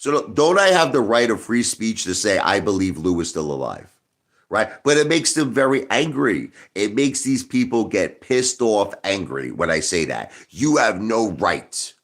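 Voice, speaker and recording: A man's voice: lowish voice, big pitch swings, unhurried. A man hosting a live stream, arguing with viewers in a combative way and repeating his points again and again. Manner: combative, repeats himself, talks straight to viewers. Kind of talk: livestream rant.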